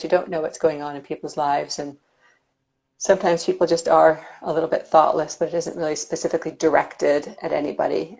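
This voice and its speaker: A woman's voice: low-pitched, vocal fry, a little mellow, low-quality recording. A woman hosting a casual conversation with an artist, reflective and thinking aloud. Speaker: host. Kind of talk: casual conversation about art.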